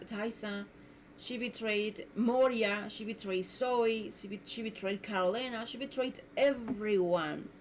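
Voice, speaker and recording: A woman's voice: mid-range voice, slight background noise. A woman hosting her own podcast, delivering an indignant, repetitive rant as a solo monologue. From Mexico. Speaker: podcast host.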